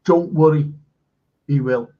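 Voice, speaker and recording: A man's voice: a little high, takes it slowly. A man hosting a live stream, reading viewer comments aloud and chatting casually with fillers. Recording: dull lo-fi stream audio.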